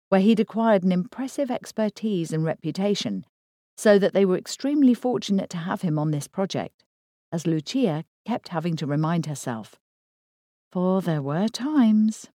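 A woman reading a novel aloud in measured, even scripted narration. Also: on the low side, no echo, studio quality. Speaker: audiobook narrator.

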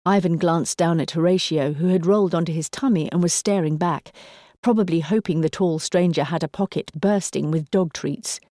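Mellow-voiced woman narrating a story. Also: lowish voice, moderate pace, no room sound, studio quality. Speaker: audiobook narrator. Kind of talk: scripted narration.

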